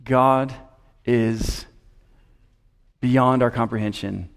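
Slow, emphatic preacher in a reverberant hall. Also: male voice, medium pitch, fairly even intonation, clear, resonant tone. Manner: measured, emphatic preaching with repeated phrases and rhetorical questions. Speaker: pastor. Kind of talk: expository sermon.

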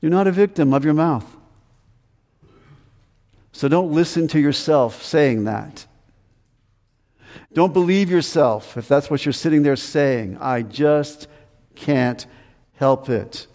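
A man's voice: on the high side, a little slow, pauses often, dark tone, big-room sound. A man preaching a sermon as pastor, earnest and emphatic, repeating his commands.

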